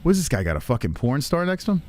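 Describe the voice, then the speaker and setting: A man's voice: fairly high pitch, very animated, rapid-fire, a little mellow. A man hosting a livestream, reacting to a clip with crude, mocking commentary and frequent laughter. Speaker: livestream host.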